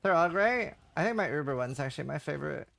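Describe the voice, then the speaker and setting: Man, slightly high voice, rambling casual streamer chatter. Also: expressive, fast, creaky, a bit bright. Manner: chatty, rambling, heavy use of "like". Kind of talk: casual livestream chat while gaming.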